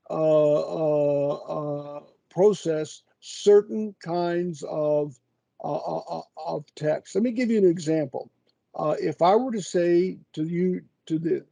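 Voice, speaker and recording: An older man answering a question in a webinar, slow and halting with many drawn-out hesitations, on a video call. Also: fairly high pitch, creaky, dark tone, no room sound. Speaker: guest expert answering questions.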